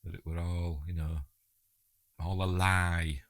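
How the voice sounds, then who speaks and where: A man's voice: low voice, flat delivery, slow, a bit bright, no room sound, clean studio sound. A man with a Yorkshire accent giving a chatty, jokey audio commentary on a film and talking back to the characters on screen. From England.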